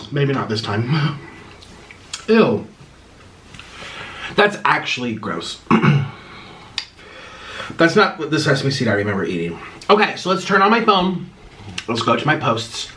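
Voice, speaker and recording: A young man chatting casually on his vlog while eating spicy food, his mouth burning, clearing his throat often and rambling through viewer questions. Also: mid-range voice, big pitch swings, takes it slowly, long pauses, sharp tone, low-quality recording. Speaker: vlogger.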